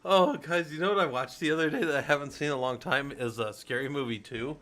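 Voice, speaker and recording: A middle-aged man streaming in relaxed, rambling chat, swearing freely as he talks to viewers. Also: fairly high pitch, fast talker. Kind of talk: casual livestream chat.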